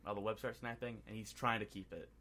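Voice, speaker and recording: A man co-hosting a casual movie review podcast, excitedly recapping scenes and slipping into quick impressions of the characters. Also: fairly low pitch. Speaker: podcast co-host.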